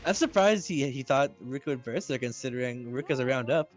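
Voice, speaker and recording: A man's voice: medium pitch, expressive, fairly quick, soft background music. A man doing play-by-play commentary on a fighting game tournament, breaking down plays analytically and speeding up when he explains. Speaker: esports commentator.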